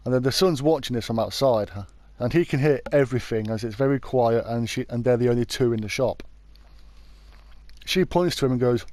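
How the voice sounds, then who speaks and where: A British man narrates a true crime story in a loose, conversational way, often doubling back to fix what he just said. His voice is mellow and relaxed, and the sound is dry and close. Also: mid-range voice, a little fast, dry recording. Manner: chatty, informal, often backtracks to correct himself. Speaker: YouTube true crime host.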